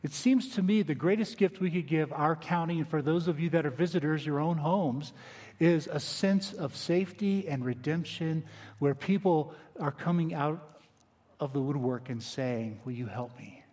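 A male pastor with a slightly higher voice delivers a sermon in an easy, conversational way, often sinking to a quiet, intent hush to drive a point home. His voice carries a long reverb tail, as if from a large church hall. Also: moderate pace. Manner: conversational, dynamic preaching with quiet emphatic drops. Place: church sanctuary.

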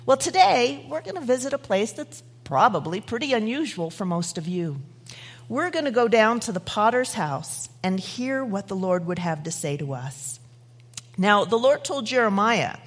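A woman delivers a devotional message with dramatic, expressive phrasing. Her voice is breathy and swings widely in pitch. She sometimes drops to a near whisper for effect. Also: normal speed. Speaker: devotional speaker. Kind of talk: devotional message and poem recital.

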